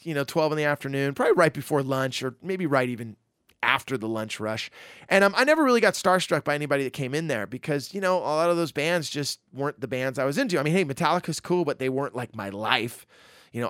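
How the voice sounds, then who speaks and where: A man telling a personal story in a casual, animated way, acting out quotes and using lots of fillers. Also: on the high side, fast talker, clean tone, dry recording, clean studio sound.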